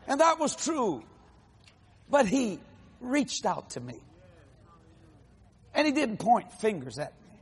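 A man in his sixties preaching a testimony sermon, telling his story in a lively, animated way and acting out the voices of others, with casual folksy grammar. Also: extremely high pitch, takes it slowly, long pauses, breathy edge, big-room sound. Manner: animated storytelling, acts out quotes.

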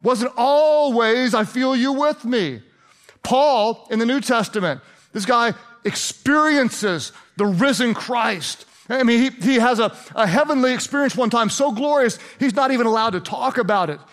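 A pastor with a high voice for a man delivers a sermon like a chat with his congregation. He fires questions at the crowd and slips into playful sarcasm. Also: animated, moderate pace, a bit bright.

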